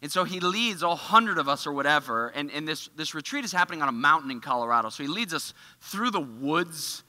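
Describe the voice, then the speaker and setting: A man giving a casual, animated storytelling sermon in a church, full of filler words. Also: a little high, fairly quick, hardly any pauses, in a large hall. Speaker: church speaker. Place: church auditorium.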